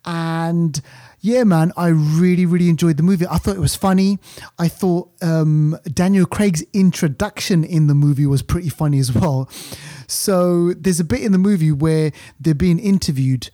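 Podcast co-host, man, mellow tone, rambling casual review talk. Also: fairly high pitch, moderate pace, no room sound, clean studio sound. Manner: rambling, full of fillers and restarts. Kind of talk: casual film review chat.

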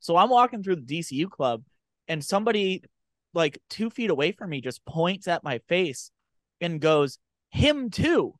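A man's voice: on the high side, animated, normal speed, fairly bright tone, dry recording. A man co-hosting a podcast, chatting casually and telling self-deprecating stories. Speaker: podcast co-host. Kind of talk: casual chat.

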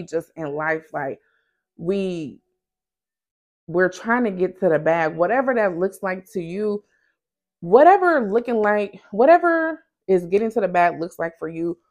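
Frank woman with a lowish voice. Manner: frank, conversational, addresses listeners directly. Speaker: small business owner and podcast host. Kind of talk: candid motivational talk.

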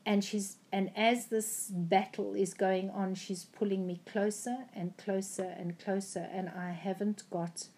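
A woman's voice: medium pitch, dark tone. A woman earnestly recounting a prophetic dream, with frequent ums and restarts. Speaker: Christian speaker.

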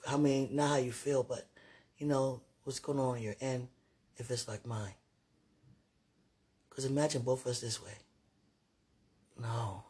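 A woman speaking softly and tenderly to a loved one in an intimate, prayerful monologue, halting and often trailing off to a murmur. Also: extremely low pitch, husky.

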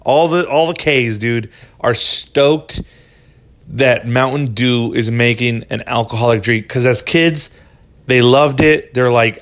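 A man's voice: medium pitch, slow, a bit bright. A man hosting a solo podcast, rambling casually and swearing a lot as he talks into a phone. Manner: rambling, profane, laid-back. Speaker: podcast host.

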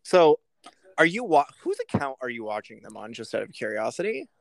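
A man co-hosting a casual podcast chat, talking in animated bursts and laughing often. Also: brisk, gravelly, dry recording. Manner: lively, laughing often, animated swings in pitch. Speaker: podcast co-host.

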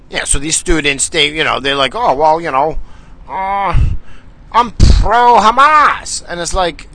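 A man hosting his own show, ranting in a profane, rambling monologue. His voice is gravelly and a bit husky, with a bright, sharp edge. He leaps up and down in pitch as he gets worked up. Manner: angry, swearing, rambling with restarts. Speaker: podcast host. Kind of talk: profane solo rant.

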